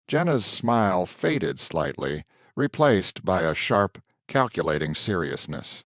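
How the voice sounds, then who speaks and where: A man narrating a scripted story in an even, descriptive manner. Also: low-pitched, slow pace, hardly any pauses, no echo, clean studio sound.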